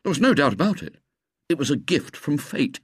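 A man reading a children's story aloud with expressive, lively narration. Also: on the high side, a little fast, husky, no echo, clean studio sound.

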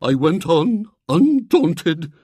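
A narrator voicing a pompous middle-aged spinster psychic who declaims in a quavering, theatrical way. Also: female voice, fairly low pitch, very animated, very slow, mellow, husky, no echo, clean studio sound, pitched above the performer's own voice, full character voice. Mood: melodramatic. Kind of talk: audiobook character voice.

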